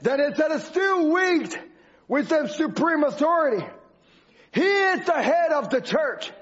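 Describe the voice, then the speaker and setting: A man's voice: extremely high pitch, animated, measured pace, a bit bright. A man preaching a sermon with an emphatic, repetitive cadence. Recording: dull lo-fi recording.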